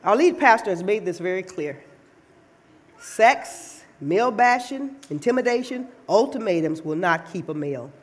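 Woman preacher, teasing and animated, lively pitch, church sermon. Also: normal speed. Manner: playful, teasing, animated delivery.

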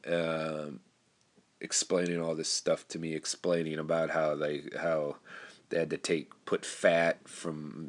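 Very deep-voiced man telling a story. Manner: rambling, candid, with frequent restarts and profanity. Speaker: storyteller recounting personal experience. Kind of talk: casual personal storytelling.

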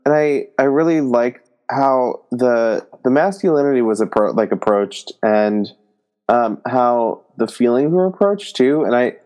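A man's voice: medium pitch, animated, a little mellow, clear, resonant tone. Joking young man chatting about books. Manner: joking, halting, many restarts. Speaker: book podcast co-host. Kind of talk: casual book review chat.

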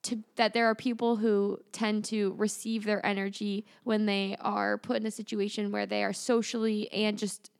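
A woman's voice: medium pitch, flat delivery, normal speed, creaky, few pauses. A woman co-hosting a casual podcast, chatty and good-humored as she explains ideas. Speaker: podcast co-host.

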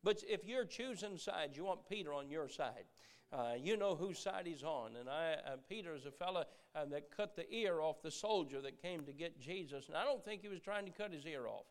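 Earnest preacher man with a fairly high voice. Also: lively intonation, normal speed. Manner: earnest, stammers and repeats words, swings from loud emphasis to hushed. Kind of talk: sermon.

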